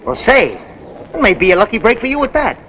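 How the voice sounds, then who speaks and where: A fast-talking used-car dealer in a 1930s screen comedy who pushes his deals with slangy, wheedling patter. His voice is high for a man and very lively in pitch. Faint hiss lies under it. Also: exaggerated voice, rough recording. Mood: defensive. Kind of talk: 1930s film comedy acting.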